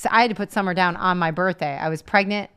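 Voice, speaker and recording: A woman's voice: lowish voice, fast talker, a bit bright, clear, resonant tone. A woman, the host's wife, telling a story in a dry, matter-of-fact way on a live show. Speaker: guest, comedian's wife. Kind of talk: casual storytelling.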